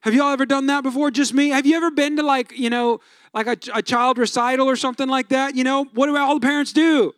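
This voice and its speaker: A man's voice: extremely high pitch, fairly even intonation, fast, fairly bright tone, clean tone, no echo, clean studio sound. A man, preaching a sermon in a chatty storytelling manner, asking the crowd questions. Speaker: pastor.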